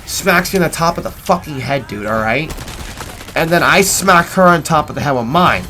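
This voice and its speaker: A man's voice: fairly high pitch, lively intonation, moderate pace, noisy background. A man casually telling a long story over gameplay, rambling and swearing, tagging "right?" onto his sentences. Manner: rambling, profane, keeps asking "right?". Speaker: gaming video host.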